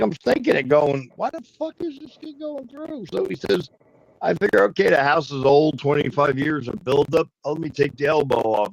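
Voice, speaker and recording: Gravelly man, crude storyteller. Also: fairly high pitch, no echo. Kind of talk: casual chat, storytelling. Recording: dry dull lo-fi audio.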